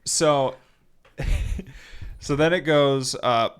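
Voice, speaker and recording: A man co-hosting a podcast, retelling a customer service chat in a mocking way and reading the bot's replies in a flat voice. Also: medium pitch, drawn-out words, clear, resonant tone. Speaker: podcast co-host. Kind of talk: casual chat.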